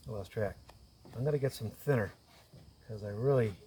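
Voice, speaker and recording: A man's voice: lowish voice, normal speed, mellow, slight background noise. A man narrating his woodworking step by step, thinking aloud as he works in his shop. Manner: thinks aloud, explains each step as he goes. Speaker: woodworker and video host. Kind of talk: casual workshop narration while working. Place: woodshop.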